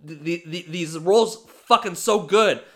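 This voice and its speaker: A man co-hosting a casual podcast, telling stories in an animated, heavily profane way. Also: sits high, unhurried. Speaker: podcast co-host.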